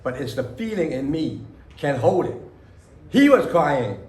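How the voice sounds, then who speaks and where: A man's voice: fairly high pitch, big pitch swings, a little mellow, slight background noise. Rambling man in his sixties, echoey room. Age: 60s. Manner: rambling, halting, with many fillers and broken grammar. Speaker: author at a book reading. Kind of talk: casual spoken memories to an audience. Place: library reading room.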